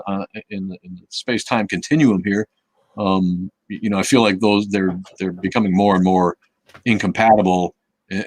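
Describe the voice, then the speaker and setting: A man's voice: low voice, husky, no echo. A man hosting a live Q&A stream in casual chat, rambling and cursing, with many restarts and fillers, reading chat comments aloud.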